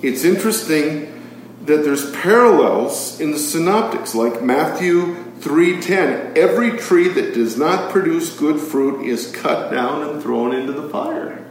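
A man's voice: a little high, lively intonation, unhurried, slight background noise. A man teaching a Bible study to a live group, reading scripture aloud and posing rhetorical questions, with frequent fillers. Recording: very echoey room, far from the mic.

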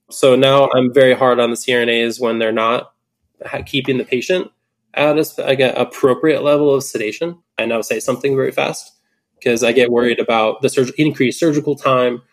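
A man casually telling a story about a surgical mistake, animated and quoting his own reactions. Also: mid-range voice. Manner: animated storytelling with quoted inner voice, swearing. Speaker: implant dentist telling a case story. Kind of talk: casual podcast chat.

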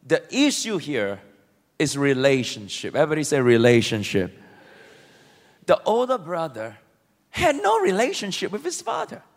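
High, lively preacher in an echoing hall. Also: male voice, normal speed. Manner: animated, asks the congregation to respond. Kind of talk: sermon.

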